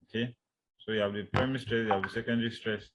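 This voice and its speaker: A man lecturing university students, speaking deliberately, with many fillers and repeating his key points. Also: on the low side, fairly even intonation, a bit bright, rough recording.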